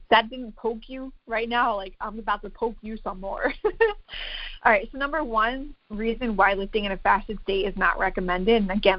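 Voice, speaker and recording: A woman's voice: medium pitch, dry recording, dull audio. A woman fitness coach giving a casual, chatty talk to an online group, emphatic and full of filler words.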